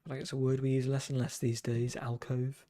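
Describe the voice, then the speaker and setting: A man's voice: medium pitch, completely flat delivery, moderate pace, dark tone. A young man streaming, chatting casually while he draws, with dry self-deprecating humor. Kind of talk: casual chat while drawing.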